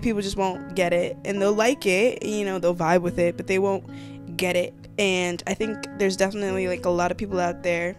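A young woman talking casually as a book vlogger. She is chatty and dramatic, and she fills her talk with "like.". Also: mid-range voice. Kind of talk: casual vlog chat.

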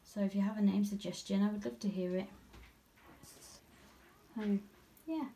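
A young British woman in a casual home vlog, showing off her new pet tarantula and often slipping into a high, slow baby voice to coo at it. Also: fairly even intonation, dark tone, a little hiss or hum. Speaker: vlogger showing her pets.

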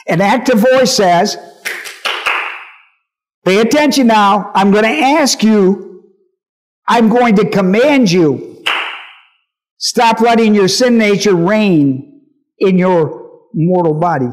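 A man's voice: sits high, slow pace, pauses often. A male pastor teaching a Bible lesson, emphatic, repeating key phrases and often asking whether listeners understand.

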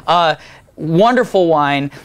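A man's voice: a little high, lively intonation, slow, clean tone. A man co-hosting a casual wine tasting chat, enthusiastic and opinionated, laughing easily as he talks. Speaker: wine reviewer, co-host.

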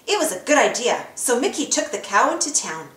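Woman storybook reader for children; expressive read-aloud, roomy sound. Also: on the high side, a little fast.

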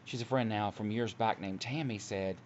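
A man with a lowish voice preaches casually from home at a normal pace, seated, earnest and rambling with many restarts. He's an online Christian video preacher, and the lo-fi audio sounds dull with a faint hiss.

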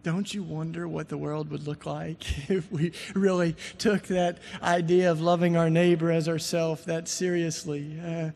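A man with a notably high voice delivers a sermon. He tells his stories in a casual, conversational way. At key points he rises into emphatic, fervent preaching. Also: flat delivery, a little slow, vocal fry, few pauses, a little mellow, big-room sound. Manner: storytelling, rising to emphatic preaching. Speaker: speaker.

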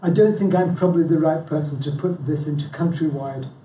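Here the branch chair talks a little fast, his fairly high voice warm in tone, as he chats informally and tests the audience with questions. He often breaks off mid-thought and leans on "yeah?" and "you know". Recorded in an echoey meeting room before a live audience, he's far from the mic with slight background noise.

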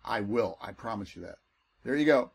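Excitable husky-voiced male recruiter. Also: moderate pace. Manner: excitable and salesy, pitch jumps when enthused. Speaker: network marketing recruiter. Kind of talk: screen-share sales walkthrough.

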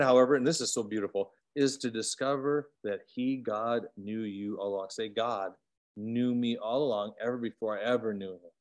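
Guy leading a bible study on a video call, mid pitch, gets animated then drops real quiet. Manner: animated, swings between loud emphasis and quiet asides. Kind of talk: online Bible study teaching.

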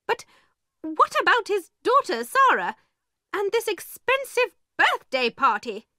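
A woman voicing a stern, angry headmistress who talks in a sharp, indignant and emphatic way. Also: extremely high pitch, sing-song, a little slow, no room sound, studio quality, voice pushed up, exaggerated voice. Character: stern, angry female headmistress, middle-aged.

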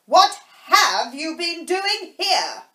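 A woman's voice: big pitch swings, extremely slow, bright, forceful tone, exaggerated voice. A shrieking furious Queen of Hearts. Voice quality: shrill, screaming. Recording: echoey room.

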